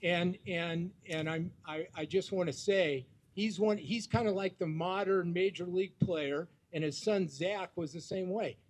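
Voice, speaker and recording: Middle-aged man, high voice, rambling tribute speech full of ums and teammate stories. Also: measured pace, few pauses. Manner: rambling, full of fillers, jokey anecdotes.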